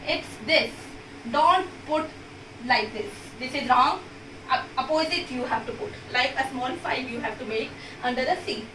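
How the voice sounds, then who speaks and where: A woman teacher with an Indian English accent, giving a recorded class lesson and patiently explaining each step while repeating words slowly. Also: high voice, background noise. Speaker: school French teacher. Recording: echoey room, mic at a distance.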